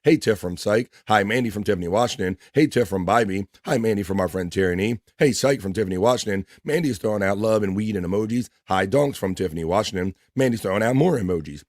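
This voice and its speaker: This is a man with a lowish voice hosting a laid-back livestream. He reads chat messages out one after another and throws in quick greetings and crude asides. The sound is dry and close, with no room around it. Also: no room sound. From East Coast of the United States. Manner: reads viewer messages aloud with running shout-outs, loose and profane. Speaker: livestream host reading chat.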